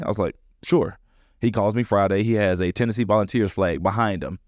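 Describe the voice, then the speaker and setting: Fast-talking and fairly low in pitch, a comedian guest tells stories in a casual interview, animatedly acting out the lines of others. The studio sound is clean and echo-free.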